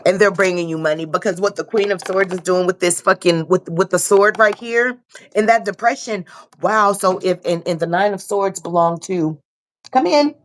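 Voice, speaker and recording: A young woman acting as a tarot reader does a loose, casual reading, repeating herself often and swearing offhandedly. Her voice is fairly low and steady, at a moderate pace.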